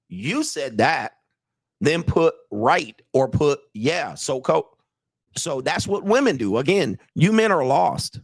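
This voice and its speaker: A man's voice: medium pitch, breathy edge, no echo, studio quality. A man hosting a livestream, lecturing viewers in a blunt, profane way and laughing between points. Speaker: commentator, channel host. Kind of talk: livestream commentary rant.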